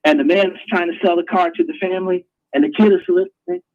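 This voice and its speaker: A man's voice: high voice, fast talker, muffled recording. A man hosting a live online talk show, ranting in a crude, preachy way. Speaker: host.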